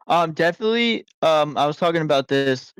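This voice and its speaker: A man co-hosting a gaming podcast, chatting in a relaxed, easygoing way. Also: on the high side, brisk, smooth, dry recording. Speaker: podcast guest co-host. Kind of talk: casual podcast chat.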